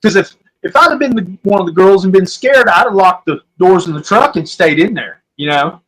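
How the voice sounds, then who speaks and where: A man with an Oklahoman drawl tells a story in a loose, folksy way, circling back and restarting his sentences as he goes. His voice sits a little on the high side for a man. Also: expressive, a little fast, fairly bright tone, husky, low-quality recording. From Southwest Oklahoma. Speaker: podcast guest. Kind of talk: casual storytelling.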